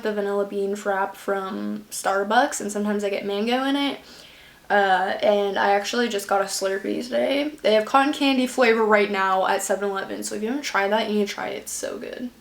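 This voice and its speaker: A young woman vlogs a casual pregnancy update from home, chatty and rambling with lots of fillers, her nose slightly stuffy. Her medium-pitched voice has vocal fry and a bit of brightness. She's recorded by a close-range camera under a ring light, and the sound is reverberant.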